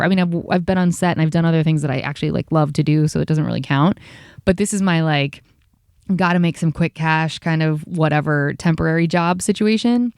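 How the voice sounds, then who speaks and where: A woman with a lowish voice pours out a heated, profane rant as a podcast host, talking fast. She sounds tired after a long day. The recording is dry and close, with no room sound. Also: vocal fry, a little mellow, no echo. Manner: heated, profane, rapid-fire venting.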